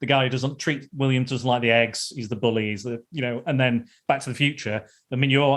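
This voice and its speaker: A man's voice: mid-range voice, fairly even intonation, a little fast, few pauses. A man hosting a podcast, chatting casually about a film and often repeating and restarting his phrases. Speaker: podcast host. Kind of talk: casual film review chat.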